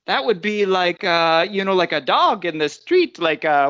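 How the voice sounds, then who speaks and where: A woman's voice: on the low side, expressive, a little slow, fairly bright tone, muffled recording. An American woman teaching a live English pronunciation lesson, patiently explaining step by step and checking in with her listeners. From United States.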